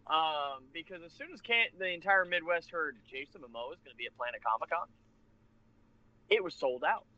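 A man casually telling a rambling, animated convention story with laughs and restarts. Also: a little high, a little fast. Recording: lo-fi muffled recording.

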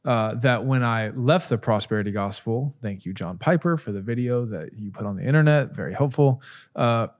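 A middle-aged man hosting an interview, telling his story in a candid, animated way with frequent asides. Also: mid-range voice, normal speed. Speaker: podcast host. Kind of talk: casual conversational interview.

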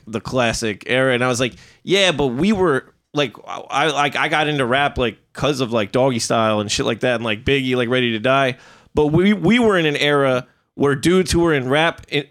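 A man's voice: medium pitch, fairly bright tone. A man co-hosting a casual podcast, rambling with many fillers and curse words. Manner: rambling, filler-heavy, profane. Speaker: podcast co-host. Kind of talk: casual chat.

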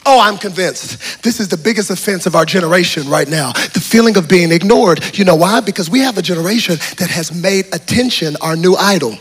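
A middle-aged man preaching a sermon as pastor, telling stories with humor and swinging from hushed tones to shouts. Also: sits high, a little fast, hardly any pauses, breathy edge. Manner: humorous, storytelling. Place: large church auditorium.

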